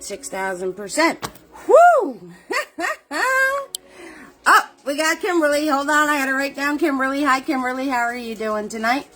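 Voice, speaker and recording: A woman's voice: on the high side, fairly bright tone. A woman hosting a live-streamed painting lesson, upbeat and chatty, who repeats her greetings and calls viewers sweetheart. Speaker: painting class host.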